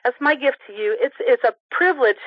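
A woman's voice: high voice, lively intonation, fairly quick, dry recording. A woman leading a sales training on a conference call, coaching in an upbeat way and demonstrating voice tones. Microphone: telephone. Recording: muffled dry phone-call audio.

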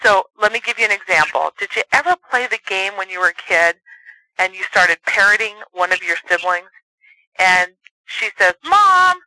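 Bright high-voiced male sales coach. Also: brisk, dry recording, rough recording. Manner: earnest, coaching, acts out voices to demonstrate. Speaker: sales trainer. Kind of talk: motivational training talk.

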